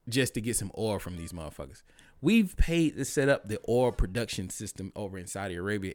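A man's voice: on the low side, no echo. A man co-hosting a casual talk show, opinionated and provocative, swearing freely and often breaking into laughter. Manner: loud, provocative, profane, laughs and shouts. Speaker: podcast co-host.

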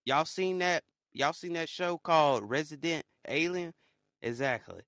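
A young man talking casually in a rambling solo monologue, swinging between low mutters and loud excited outbursts. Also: unhurried, no room sound, clean studio sound. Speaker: podcaster.

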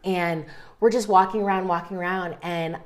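A podcast co-host tells a story with lively, comic energy, swearing freely and laughing through her words. Her voice is on the low side and her pace is moderate.

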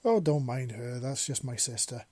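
Narrator doing a big teasing male deathclaw, mellow low voice, dry. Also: lively intonation, moderate pace, no echo, close to an everyday voice. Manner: teasing, amused.

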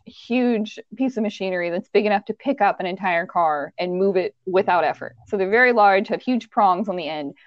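Lively woman telling a story with laughs. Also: mid-range voice, dry recording. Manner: animated, laughs often while telling. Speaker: storyteller in a podcast chat. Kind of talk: casual storytelling chat. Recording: dull, dry sound.

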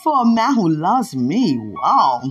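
A woman's voice: fairly low pitch, very animated, soft background music. A woman hosting a podcast, talking playfully and affectionately, often laughing and breaking into prayer. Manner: playful, laughing, drawn-out exclamations. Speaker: podcast host. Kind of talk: affectionate casual monologue with prayer.

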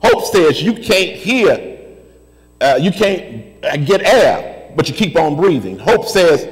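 A man preaching a sermon, repeating his phrases in a steady rhythm and building up to shouted refrains. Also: fairly high pitch, slow pace, big-room sound, low-quality recording. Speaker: pastor.

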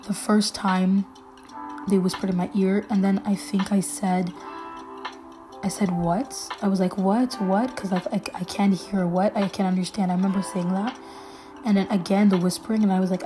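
A woman telling a scary personal story in a casual, halting way, with many fillers and restarts. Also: medium pitch. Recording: faint music underneath.

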